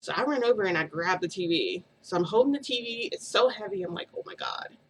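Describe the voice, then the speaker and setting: A woman's voice: mid-range voice, lively intonation, quick pace, a little hiss or hum, poor audio. A woman vlogger telling a story in a rambling, casual way, full of "like" and "um".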